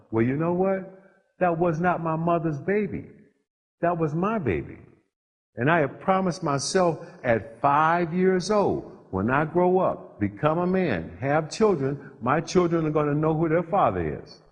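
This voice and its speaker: A man giving a storytelling speech to a live audience in short, punchy phrases with dramatic pauses. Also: on the high side, expressive, big-room sound, dull audio. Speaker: motivational speaker. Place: large hall with live audience.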